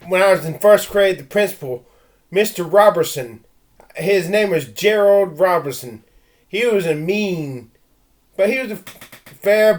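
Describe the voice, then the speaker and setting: A man vlogging a rambling personal rant, stammering and restarting, growing heated and blunt. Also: high voice. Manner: stammering, with frequent restarts and repeated words; intense and heated, with blunt threats.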